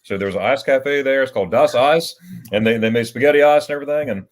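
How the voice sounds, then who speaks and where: A man's voice: medium pitch, quick pace. A man hosting a casual livestream chat, telling rambling stories with restarts and chuckles. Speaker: livestream host.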